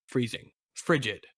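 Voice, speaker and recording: Co-hosting a podcast, a man reads a fan fiction aloud with playful amusement, laughing between lines. His voice is medium in pitch and slightly rough. The recording is dry and has clean studio quality.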